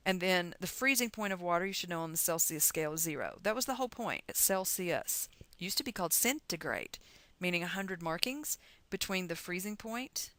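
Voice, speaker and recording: A woman's voice: fairly low pitch, a bit bright, no room sound. A middle-aged woman from the United States teaching chemistry in a recorded lecture, chatty and encouraging as she talks through calculations aloud.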